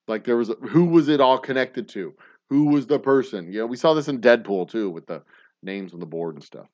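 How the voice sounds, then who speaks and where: A man's voice: mid-range voice, brisk. Profane man ranting on a lo-fi stream. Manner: profane, animated ranting, swings from mumbled asides to loud outbursts. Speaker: podcast host. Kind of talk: casual ranting monologue.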